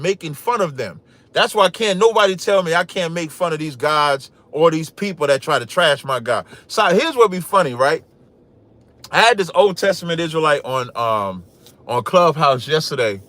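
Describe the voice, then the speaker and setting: Male podcast host, naturally loud and cocky, trash-talks with a sharp, forceful edge and reads scripture aloud. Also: on the high side, animated, normal speed. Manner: loud, boastful, trash-talking. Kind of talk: livestream commentary with scripture reading.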